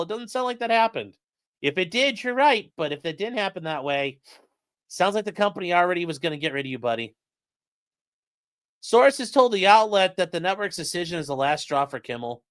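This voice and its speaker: A man's voice: high-pitched, fairly bright tone, no room sound. A man commentating on news in a casual live stream, crude and mocking, reading chat messages aloud.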